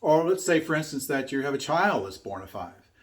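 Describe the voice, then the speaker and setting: A man's voice: a little high, very animated, fairly quick. Earnest older man telling a story. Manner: earnest, emphatic storyteller who repeats key points. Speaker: speaker teaching his own method. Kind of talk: motivational talk with storytelling.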